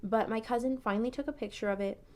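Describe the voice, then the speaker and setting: A woman's voice: on the high side, quick pace. A young woman telling a personal story in a casual, chatty way, full of "like" fillers. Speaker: TikTok creator.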